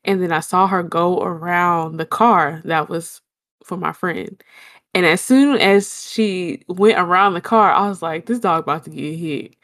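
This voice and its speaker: A young woman, telling a long story in casual chat and acting out her own shouts. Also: lowish voice, a little slow.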